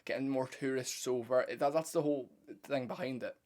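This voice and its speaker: A young man talks straight to his viewers in a casual breakdown, blunt and opinionated. His pitch sits in an ordinary middle range. He rambles and restarts his sentences, dropping the odd swear word. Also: brisk, darkish tone. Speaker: MMA commentary channel host.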